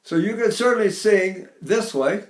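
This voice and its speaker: A man's voice: high voice, animated, moderate pace, echoey room. Man in his eighties teaching voice. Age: 80s. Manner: rambling, demonstrative, breaks into operatic singing. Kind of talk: informal vocal lesson with sung demonstrations.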